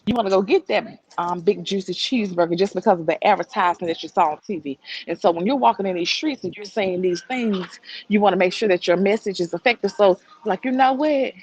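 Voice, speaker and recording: Middle-aged woman, chatty livestream host, walking and a little winded, mid pitch. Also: fast, husky, poor audio. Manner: chatty, reads viewer comments aloud. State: out of breath while walking. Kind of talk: casual livestream commentary. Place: walking through a crowded shop.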